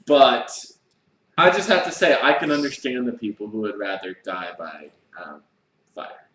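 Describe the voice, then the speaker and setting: A man's voice: mid-range voice, moderate pace, fairly bright tone, a little hiss or hum. A man co-hosting a casual live chat show, spinning crude, rambling what-if stories and laughing along. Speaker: co-host. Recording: echoey room.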